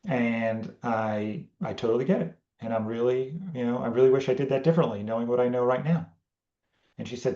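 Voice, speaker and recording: A fairly quick, medium-pitched male voice comes through a muffled, reverberant recording. The podcast host casually teaches about a family communication tool, animatedly acting out exchanges with his daughter.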